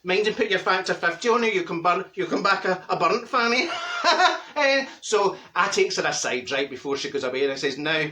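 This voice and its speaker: Brief: a man playing a Glaswegian busybody woman, gossipy and vain, high voice with a sharp, bright edge. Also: lively intonation, fairly quick, few pauses, a little hiss or hum. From Glasgow, Scotland. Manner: gossipy, cackling, full of wee asides. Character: chatty gossiping middle-aged Glasgow woman, vain. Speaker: comedy character monologue. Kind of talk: comic character monologue.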